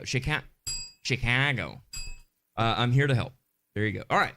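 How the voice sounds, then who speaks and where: A man's voice: medium pitch, expressive, normal speed, bright, forceful tone, slight background noise. Chatty man co-hosting a live podcast. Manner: chatty, upbeat, reads viewer comments aloud. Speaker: podcast co-host. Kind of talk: live podcast chat reading comments.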